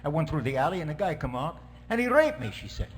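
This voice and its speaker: A man pushes his slightly high voice down, speaking quickly and very animatedly as a joking middle-aged Italian priest. This jovial stand-up character sketch has him telling jokes in broken English with a put-on Italian accent.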